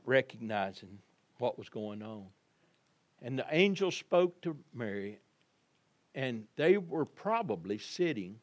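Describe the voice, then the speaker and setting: Pastor preaching with swelling emphasis. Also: male voice, medium pitch. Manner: storytelling, swings from quiet to loud emphasis; direct address to the congregation. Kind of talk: Easter sermon.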